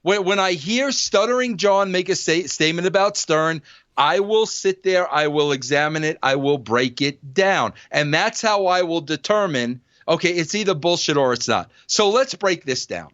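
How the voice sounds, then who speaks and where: Blunt and energetic, an older podcast host chats casually, saying "bro" in nearly every thought. His voice is a little high at a moderate pace, with no room sound and dull audio.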